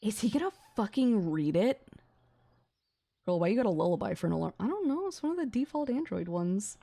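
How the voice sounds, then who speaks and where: A young adult woman streamer reading a visual novel aloud on a gaming stream, excitable and swearing between gasps and laughs. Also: medium pitch, brisk, vocal fry.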